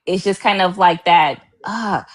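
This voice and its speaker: A woman hosting a casual chat show, earnest and talkative, thinking out loud as she goes. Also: lowish voice, unhurried.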